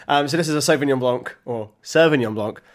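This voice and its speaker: A man's voice: medium pitch, steady tone, fast talker. Hesitant man, self-deprecating. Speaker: podcast co-host. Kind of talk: casual banter.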